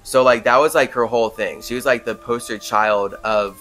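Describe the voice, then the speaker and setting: A man's voice: medium pitch, normal speed, soft background music. Young man telling a story. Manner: animated storytelling with many "like" fillers and laughs. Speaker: podcast host. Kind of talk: casual monologue.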